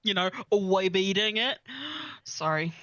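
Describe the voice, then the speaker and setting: A woman's voice: medium pitch, very animated, unhurried, fairly bright tone, dry recording, lo-fi sound. A woman co-hosting a podcast, joking and giggling in casual chat. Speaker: podcast co-host. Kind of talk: casual chat and story reading.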